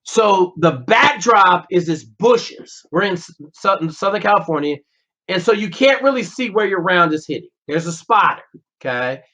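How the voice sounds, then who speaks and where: A man's voice: high-pitched, lively intonation, moderate pace, pushed and bright. A man, a former Navy SEAL, telling a story as a podcast guest in a blunt, profane way, acting out the dialogue. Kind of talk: casual storytelling interview. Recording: slightly dull lo-fi podcast audio.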